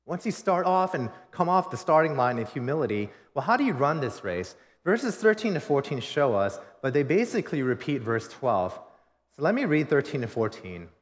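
A man preaching a sermon as pastor, emphatic, swinging between forceful declarations and quiet, intimate asides. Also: medium pitch. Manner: emphatic preaching with rising and falling intensity. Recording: long reverb of a large hall.

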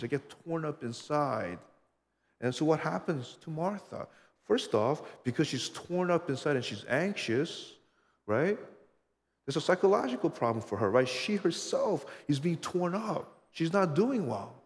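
A man preaching a sermon as pastor, earnest and emphatic, often pausing for rhetorical questions. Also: a little high, expressive, long reverb tail.

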